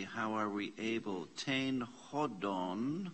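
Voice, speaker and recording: A man leading a Bible study class, slowly sounding out Greek words, repeating them and questioning his students. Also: mid-range voice, expressive, bright, forceful tone, echoey room. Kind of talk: slow, explanatory Greek lesson. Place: church classroom.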